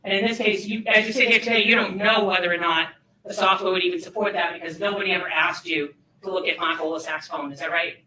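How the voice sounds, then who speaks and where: A male defense attorney cross-examining a witness, his voice high and sharply bright. He presses with leading questions, picked up from a distance in a roomy courtroom with faint hiss. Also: steady tone, fast talker. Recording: roomy courtroom audio from afar.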